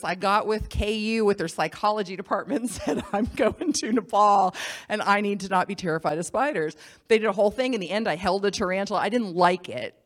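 A woman giving a personal testimony as a missionary, telling her story in a lively way and acting out the voices of the people she quotes. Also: mid-range voice. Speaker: missionary speaker.

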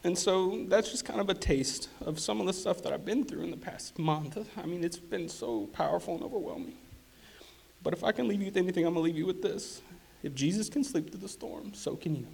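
A man giving a personal testimony in church, earnest and halting, with fillers and restarts. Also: sits high, expressive, vocal fry, darkish tone, slightly rough.

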